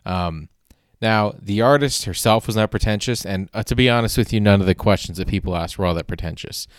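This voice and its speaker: Low-voiced man rambling wryly on a podcast. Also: fairly quick, no echo, clean studio sound. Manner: rambling, wry, self-deprecating, frequent fillers and restarts; swears casually. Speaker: podcast host. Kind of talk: casual solo podcast monologue.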